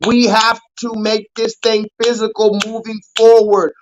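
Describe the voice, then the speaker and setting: A young adult man hosting a live call-in stream, ranting loudly and profanely at the chat and mocking his target. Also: sits high, completely flat delivery, unhurried, slight background noise, poor audio. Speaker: livestream host.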